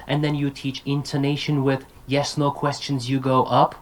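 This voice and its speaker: Energetic male lecturer. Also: medium pitch, moderate pace, hardly any pauses, low-quality recording. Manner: energetic, demonstrative, drills example words aloud; casual and direct, repeats himself. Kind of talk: online talk to language teachers.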